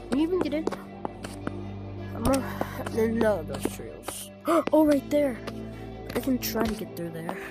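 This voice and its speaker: A slightly high-voiced woman talks slowly through a walkthrough of her own game, thinking aloud as she goes. She trails off, restarts and sometimes drops to a murmur, while loud music plays behind her. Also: very animated. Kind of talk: casual game walkthrough commentary. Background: loud background music.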